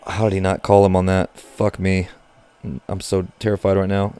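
A man reacting live to a baseball game as a nervous fan, cursing, groaning and pleading with the pitcher. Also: monotone, normal speed, dark tone, smooth. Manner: anxious, profane, swings from groans to outbursts.

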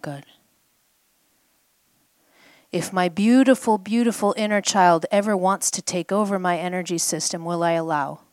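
Low-voiced woman coaching a healing exercise. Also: moderate pace, pauses often, darkish tone, dry recording. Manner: coaxing, repeats phrases and prompts the listener. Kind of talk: guided healing exercise at a live event. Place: live event before a group.

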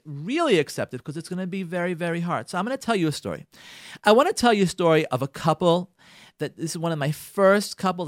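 A man hosting a radio talk show, telling a story in a casual, animated way, repeating phrases for emphasis and mixing in Yiddish and Hebrew words. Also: high-pitched, no room sound, clean studio sound. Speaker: radio show host, marriage counselor.

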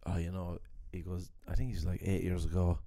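A man's voice: deep voice, little pitch movement, a little fast, mellow. A man, a comedian and podcast host, telling rambling stories in casual chat and laughing often. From Ireland.

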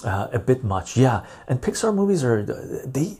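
A man hosting a casual live stream, reading viewer messages aloud and answering them in a relaxed, rambling way. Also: medium pitch, unhurried, slightly rough. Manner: relaxed and rambling, with frequent fillers.

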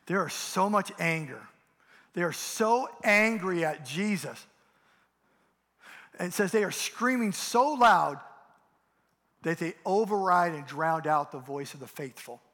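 In a long hall reverb, a pastor with a high, animated, slightly bright voice preaches impassioned and a little slowly, with long pauses. He rises and falls to press his points, mimicking mocking voices along the way.

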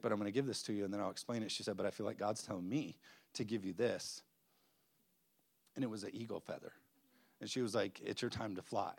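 Low gravelly pastor telling a story. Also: male voice, no echo. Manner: storytelling with quoted voices and laughs. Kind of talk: church sermon introduction. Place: church sanctuary.

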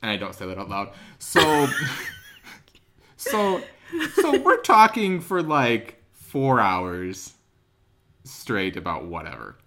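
A man's voice: on the low side, wildly swooping pitch, takes it slowly, sharp tone. A young American man on a podcast, telling a rambling travel story in a casual way, with lots of fillers and laughter. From United States. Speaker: podcast co-host.

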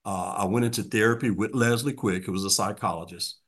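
A man in his sixties, a guest in an interview, telling his story earnestly and reflectively, often dropping to a soft, quiet voice. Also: on the low side, a little fast, slightly rough. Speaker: guest, formerly incarcerated man.

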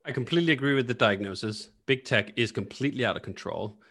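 Blunt, animated man guest. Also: mid-range voice, quick pace, husky. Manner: animated, blunt, swears freely. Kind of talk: casual interview talk.

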